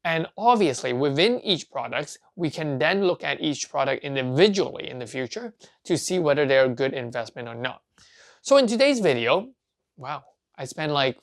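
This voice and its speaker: Chatty video host with a gravelly voice. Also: mid-range voice. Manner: chatty, asks and answers own questions. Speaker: collecting channel host. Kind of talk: casual talk to camera.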